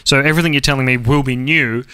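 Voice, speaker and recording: A man's voice: medium pitch, fairly even intonation, fast talker, pushed and bright, clear, resonant tone. A man with an Australian accent co-hosting a podcast livestream, joking and rambling with lots of fillers. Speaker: podcast co-host. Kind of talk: casual chat on a livestream.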